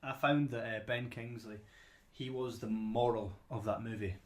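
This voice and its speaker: A man's voice: mid-range voice, fairly even intonation, moderate pace. A man co-hosting a podcast in casual chat, often repeating words as he starts a sentence. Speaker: podcast co-host.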